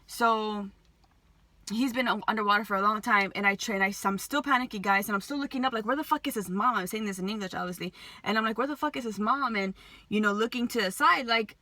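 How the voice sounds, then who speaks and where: A woman's voice: fairly high pitch, sharp tone, no echo. A woman telling an emotional story to her viewers, agitated, swearing constantly and restarting her sentences. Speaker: vlogger.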